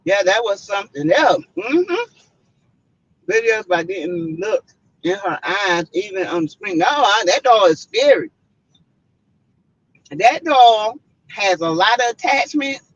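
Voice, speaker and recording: A chatty Southern US woman hosts a casual live stream, addressing viewers with frequent "mm-mm" and "y'all" asides. She speaks at medium pitch, animated yet measured, with long pauses and a breathy edge, in slightly muffled lo-fi audio.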